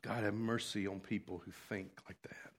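Man, preacher, sermon, hushed asides, loud fervent passages. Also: lowish voice, level tone, moderate pace.

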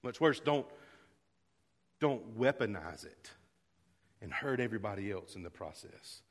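A man pastor preaching a sermon to his church, earnest, dropping to a hush and rising to loud, fervent calls. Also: on the low side, lively intonation, a little slow, in a large hall. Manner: earnest, swings from hushed to loud. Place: church sanctuary.

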